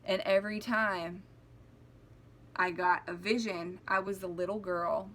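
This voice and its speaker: A woman's voice: medium pitch, fairly even intonation, unhurried, fairly bright tone. A young woman talks straight to her viewers in a casual, emotional monologue. She rambles, restarts her sentences and sounds close to tears. A faint hiss runs under her voice. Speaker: spiritual vlogger. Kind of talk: casual heartfelt monologue to camera.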